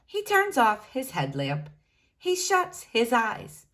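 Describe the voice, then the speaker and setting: A woman teacher reading a children's chapter book aloud in a gentle, sing-song storytelling manner. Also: fairly high pitch, wildly swooping pitch, slow. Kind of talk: children's read-aloud narration.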